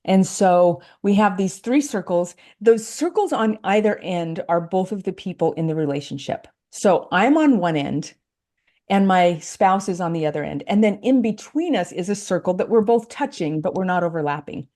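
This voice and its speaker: Woman coach, warm mellow tone, earnest step-by-step podcast explainer. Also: on the low side, lively intonation, normal speed. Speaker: life coach guest. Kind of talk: podcast conversation.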